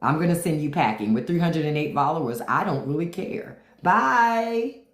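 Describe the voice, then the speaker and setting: Her voice is low-pitched and animated, moving at normal speed. She hosts a livestream with unfiltered commentary, speaking AAVE in a blunt, taunting way and putting the same question to commenters repeatedly, all through a mic with a roomy echo.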